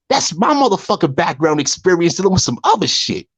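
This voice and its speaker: Man ranting profanely in a husky voice. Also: on the high side, sing-song, brisk, few pauses, fairly bright tone, no room sound. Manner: profane, heated, repetitive ranting. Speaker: guest on a live online panel. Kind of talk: heated live-stream call.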